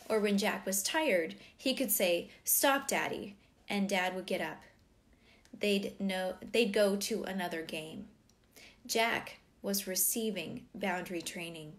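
A middle-aged woman reads a parenting book aloud in a steady, even voice. Her pitch sits right in the middle of the range. Now and then she slips into warm, animated asides. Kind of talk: reading aloud with personal asides.

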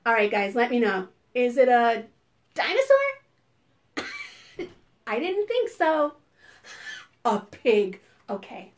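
A woman's voice: fairly high pitch, gravelly. A woman librarian leading a preschool storytime, playful and sing-song, gasping and making animal sounds for the children.

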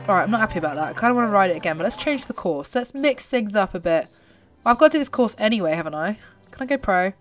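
A young British woman giving excitable commentary while playing a horse racing game, urging her horse on. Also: mid-range voice, fast, over music. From Britain. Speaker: gaming YouTuber. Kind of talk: live gameplay commentary.

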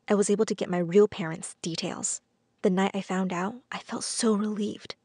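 A woman narrates a scripted first-person story with a measured, earnest delivery. Her voice sits at an ordinary middle pitch. The recording is close and dry, with no room sound. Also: a little mellow, dry recording.

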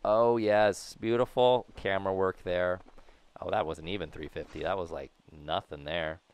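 A man's voice: low-pitched, steady tone, normal speed, clean tone. A young man rambling and joking to viewers while commentating a video game he is playing. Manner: rambling, jokey, talks to viewers; bursts into loud shouting at big plays. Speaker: gaming video host. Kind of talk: casual gameplay commentary.

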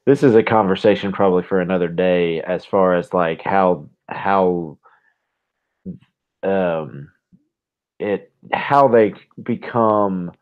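A man co-hosting a casual podcast chat, talking haltingly and repeating words as he thinks. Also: low voice. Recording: tinny phone-like line.

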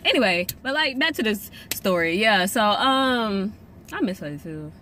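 Animated young woman telling a storytime vlog. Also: medium pitch, a little slow, slight background noise. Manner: animated, emphatic, slangy, repeats "period". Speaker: vlogger.

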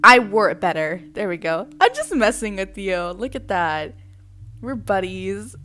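A woman's voice: medium pitch, sing-song, unhurried, bright, forceful tone, soft background music. A young woman chatting playfully and dramatically to her viewers while she plays a game, full of sass and exaggerated reactions. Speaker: gaming streamer. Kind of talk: casual gameplay commentary.

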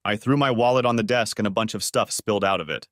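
A man's voice: lowish voice, fast talker, fairly bright tone, no room sound. Man narrating a story in a dry room. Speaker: audiobook narrator. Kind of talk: first-person story narration.

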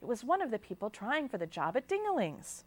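A woman's voice: a little high, very animated, fairly quick, no room sound. A woman telling a children's story at library storytime, reading expressively. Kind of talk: children's storytime read-aloud.

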